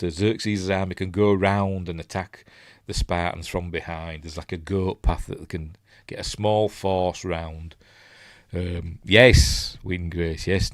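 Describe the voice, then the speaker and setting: A man's voice: low-pitched, dry recording, clean studio sound. A man with a Yorkshire accent, hosting a casual film breakdown and reading out live chat in a chatty, rambling way that often loses its place. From Yorkshire, England. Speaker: host, film reviewer.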